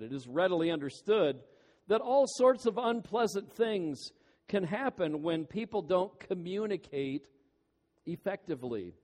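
A man preaching a sermon as pastor, earnest and pleading, stretching out key words slowly for emphasis. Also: high voice, a little mellow. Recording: long hall reverb.

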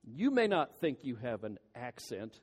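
A man's voice: medium pitch, sing-song, unhurried, breathy edge. Guy pastor giving a sermon, pleading tone, drags out the big words, echoey hall sound. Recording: long hall reverb.

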